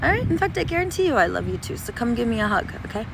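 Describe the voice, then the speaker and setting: A woman's voice: a little high, very animated, rapid-fire, gravelly. A woman chatting on a casual livestream outdoors, reading chat in a playful, doting, sing-song way. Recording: noisy outdoor street recording. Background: traffic noise.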